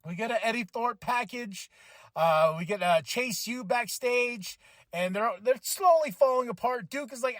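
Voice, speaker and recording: A man hosting a podcast, recapping a wrestling show in casual chat, excitable, laughing and acting out what people said. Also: very high-pitched, a little slow, dry recording. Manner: excitable, acts out quotes, swears, laughs often. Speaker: podcast host.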